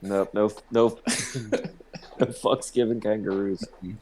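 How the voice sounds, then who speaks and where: A man's voice: fairly low pitch, steady tone, measured pace, darkish tone, slight background noise. A man co-hosting a casual sports podcast, swearing freely and laughing often while leading the discussion. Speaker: podcast co-host. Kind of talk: casual sports-talk chat.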